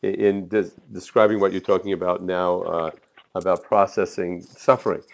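A low-pitched man hosts the interview, his voice rough with fry. He speaks in a hesitant, halting way while he builds up to each question. He sounds conversational and does not read from a script. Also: little pitch movement. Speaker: interview host.

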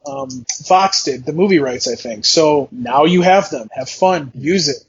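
A man's voice: a little high, animated, measured pace, muffled recording, a little hiss or hum. A man co-hosting a casual podcast, eager and profane, often repeating what he says to others. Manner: enthusiastic, profane, quotes himself. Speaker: podcast co-host.

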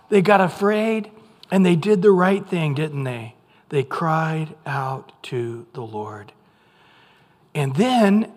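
An older American pastor delivers a lively sermon, slipping in acted-out voices as he goes. His voice sits high for a man. It rings out with the long reverb of a church sanctuary. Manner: animated preaching with acted-out voices.

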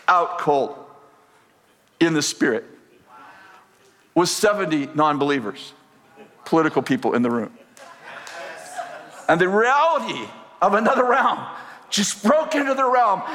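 Animated preaching man in a reverberant hall. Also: high voice. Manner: animated storyteller, acts out dialogue, laughs often. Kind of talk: storytelling sermon.

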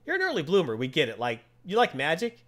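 A man voicing a sly, confident female cat burglar who teases in a relaxed drawl. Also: fairly high pitch, quick pace. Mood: teasing.

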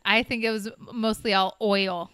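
A woman's voice: mid-range voice, fairly even intonation, bright, forceful tone, clean tone, dry recording. A woman co-hosting a casual podcast, reacting playfully with short remarks. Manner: playful, quick reactions and laughter. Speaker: podcast co-host.

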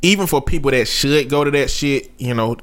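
A man's voice: mid-range voice, a little fast, fairly bright tone. A man chatting casually in a blunt, opinionated way. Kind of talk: casual chat.

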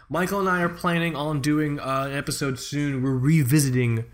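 A man's voice: mid-range voice, a bit bright. Man, podcast co-host, casual chat, joking, profane.

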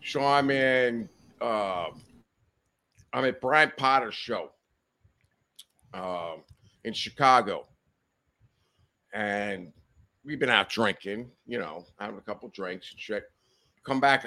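A man's voice: medium pitch, animated, slow pace, long pauses, pushed and bright. A man guest on a casual podcast, telling profane, rowdy anecdotes and acting out the quotes. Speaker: podcast guest, reptile breeder. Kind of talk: casual storytelling chat.

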